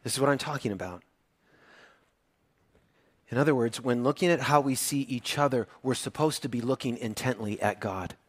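A man's voice: medium pitch, normal speed, pauses often, breathy edge, no room sound. A male pastor preaching a sermon in a conversational, joking and emphatic way.

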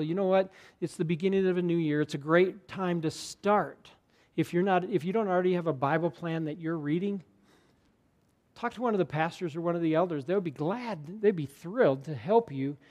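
Male pastor, sermon delivery, slightly high voice, earnest and conversational, hushes for emphasis.

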